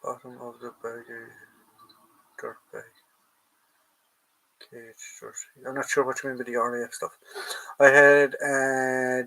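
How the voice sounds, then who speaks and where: This live collectibles stream comes from an Irish host at home, who talks to viewers as lads while sorting through a drawer in a casual, meandering chat. The recording is rough, and his mid-range voice is bright and forceful.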